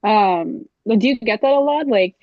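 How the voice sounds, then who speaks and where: A woman asking relaxed, filler-heavy interview questions about starting a business. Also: a little high, normal speed, lo-fi sound, a crowd in the background. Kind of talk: casual interview.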